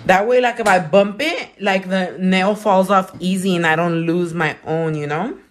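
A woman's voice: lowish voice, fairly even intonation, normal speed. A woman nail technician in casual livestream chat while doing her nails, blunt and profane as she vents. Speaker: nail technician and small business owner.

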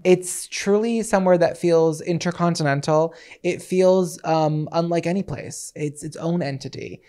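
A man's voice: on the high side, normal speed, dark tone. A young man co-hosting a podcast in casual chat, playful and giggly, rambling along with lots of fillers. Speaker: podcast co-host.

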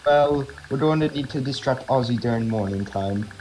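Brief: man doing a keen young kid, mid-pitched and everyday, game dub. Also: moderate pace, a little mellow, slight background noise, close to an everyday voice, low-quality recording. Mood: eager.

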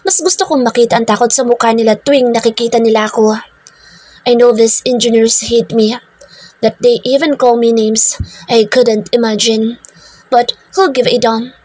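A woman's voice: on the high side, steady tone, moderate pace, darkish tone, no echo. A woman reading a first-person romance story, switching between English and Tagalog, in a stern, bossy tone. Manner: stern, bossy narrator voicing a strict company owner.

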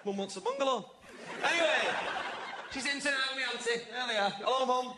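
A man doing stand-up comedy, boisterous and shouting punchlines to a live crowd. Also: very high-pitched, animated, fairly quick, background noise. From England. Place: large indoor venue before a live audience. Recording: echoey venue with loud crowd laughter.

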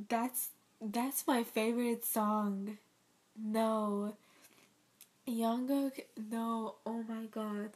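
A young woman talks to her viewers in a reaction video, teary and gushing with exclamations and fillers. Her voice sits a bit high. She speaks slowly and stops often to gather herself. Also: steady tone, a little mellow. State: teary, near crying. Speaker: video host reacting to a music video. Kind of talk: casual reaction vlog.

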